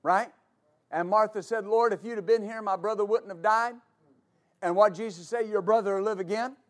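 Pastor guy preaching, really high voice, explains slow then gets loud and shouty. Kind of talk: sermon.

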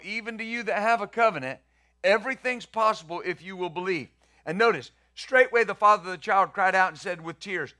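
A man's voice: sits high, fairly quick, sharp tone. A male pastor preaching a conversational sermon, acting out the quotes he reads and the questions he poses.

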